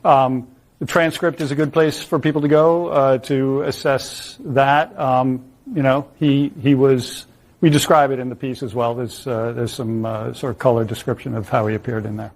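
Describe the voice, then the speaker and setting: A man, a reporter, answering a TV interview question in a measured, hesitant way with many ums. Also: mid-range voice, little pitch movement, poor audio.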